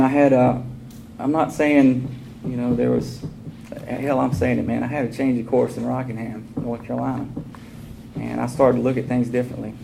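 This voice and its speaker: A man speaking at a recovery meeting, telling his story in a candid, casual way and acting out the dialogue. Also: mid-range voice. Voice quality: gravelly. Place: meeting room. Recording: noisy room recording.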